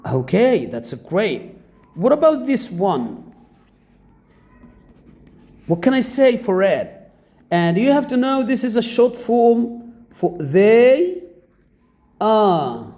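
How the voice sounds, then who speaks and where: A man's voice: high-pitched, big pitch swings, dark tone. A man with an Arabic accent teaching English pronunciation to beginners, repeating each drilled word several times. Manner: slow, drills words by repeating them.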